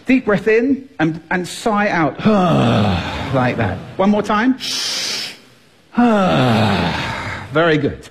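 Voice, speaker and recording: A man speaks from a stage with a very husky, breathy voice. His pitch swoops up and down constantly as he plays with his delivery to show his points. He sounds lively and playful, like a seasoned public speaker. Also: a little slow, few pauses. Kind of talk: stage talk to a live audience. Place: stage before an audience.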